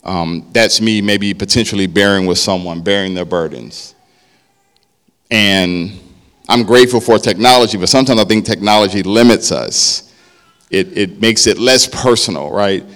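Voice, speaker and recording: A man with a fairly low voice delivers a sermon in a conversational way, checking in with his listeners by asking "right?". He speaks as their pastor and grows quieter and softer when he turns to himself. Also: moderate pace, clean tone.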